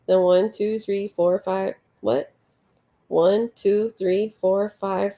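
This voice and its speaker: A woman's voice: medium pitch, steady tone, takes it slowly, warm tone. A woman hosting a casual late-night livestream, counting her crochet stitches under her breath and chatting as she reads out viewer comments. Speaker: livestream host. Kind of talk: casual live chat while crocheting.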